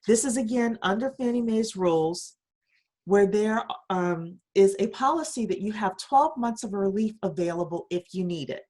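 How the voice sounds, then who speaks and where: A woman's voice: medium pitch, normal speed, a little mellow. A woman hosting a daily economic news podcast, reading stories with emphatic rhetorical questions. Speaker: podcast host.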